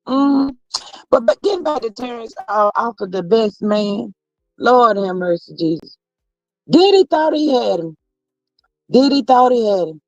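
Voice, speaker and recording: A woman's voice: medium pitch, no room sound. A woman hosting a livestream, chatting casually about celebrity gossip, reading viewer comments aloud and exclaiming often. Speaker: livestream host.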